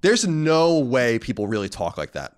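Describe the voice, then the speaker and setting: A man co-hosting a casual podcast, talking emphatically and rambling with quick restarts. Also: medium pitch, big pitch swings, smooth. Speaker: podcast co-host.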